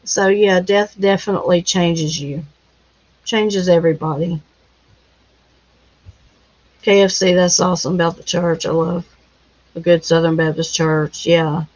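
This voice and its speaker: A woman minister hosting a casual live chat. She answers viewer comments in a gentle, consoling way, with many pauses and fillers. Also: lowish voice, fairly even intonation. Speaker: minister and live-stream host. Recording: dull lo-fi sound.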